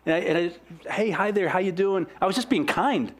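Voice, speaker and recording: A young man preaching with earnest energy. His voice sits a bit high for a man, and it leaps up and drops down as he presses his points. He speeds up and slows down by turns. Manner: earnest, animated, with sudden swings in pitch and pace. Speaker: pastor. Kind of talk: sermon.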